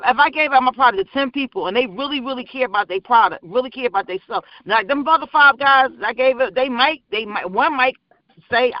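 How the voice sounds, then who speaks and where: A woman, a small business owner, telling rambling, animated stories in a casual call-in radio chat. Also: on the high side, no room sound. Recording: dull lo-fi dry sound.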